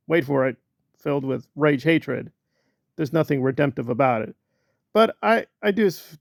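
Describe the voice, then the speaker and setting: A man hosting a sarcastic, comedic commentary, mocking his subjects with drawn-out emphasis. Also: fairly high pitch, gravelly, no room sound, studio quality. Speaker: commentary channel host.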